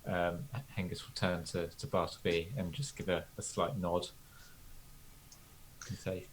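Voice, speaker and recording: Deep-voiced deferential male player. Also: flat delivery, a little slow, long pauses, slight background noise, low-quality recording. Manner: deferential, formal, stammering. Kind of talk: in-character tabletop play.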